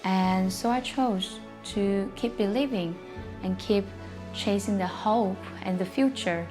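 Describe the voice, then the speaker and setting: Woman CEO, emotional personal testimony, halting non-native English, faint music bed. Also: mid-range voice. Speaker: company CEO. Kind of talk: personal storytelling.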